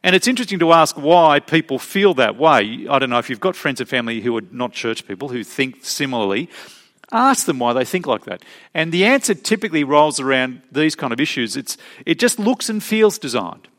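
A man preaching a sermon as pastor, emphatic, slowing down to stress key phrases. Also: medium pitch, lively intonation, fairly bright tone. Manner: emphatic, varied pace with slow stressed phrases.

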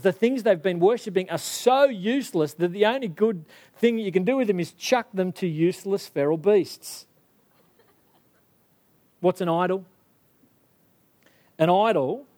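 A man's voice: high voice, a little mellow. A man preaching a sermon, stressing his points through repetition and speaking straight to his listeners.

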